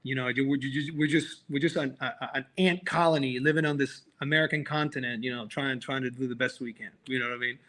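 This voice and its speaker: A man's voice: medium pitch, steady tone, fast talker, few pauses, bright, forceful tone. A man, a guest on a podcast, talking about life over a video call in a philosophical way, with many restarts. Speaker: guest, former offensive tackle. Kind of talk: casual podcast chat.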